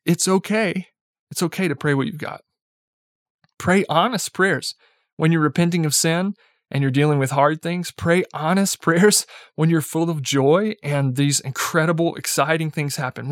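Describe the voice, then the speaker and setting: A young man delivers a casual, chatty sermon in a slightly higher voice, sprinkling in "like" and "right?" and chuckling lightly as he goes. The sound is close and dry. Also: normal speed, dry recording. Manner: conversational, peppered with "like" and "right?"; chuckles lightly while speaking. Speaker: preacher.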